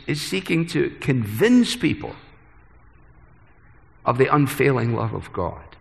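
Gravelly preacher in a reverberant hall. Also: male voice, medium pitch. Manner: earnest, varied dynamics from hushed to emphatic. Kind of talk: sermon.

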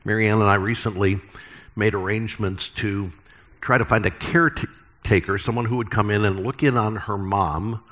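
A middle-aged man preaching a sermon as pastor, earnest and emphatic with deliberate pauses. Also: on the low side, fairly even intonation, fairly bright tone.

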